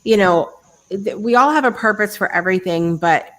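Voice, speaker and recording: A woman's voice: medium pitch, moderate pace. A woman hosting a casual chat show, talking in a reflective way with many restarts. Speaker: host.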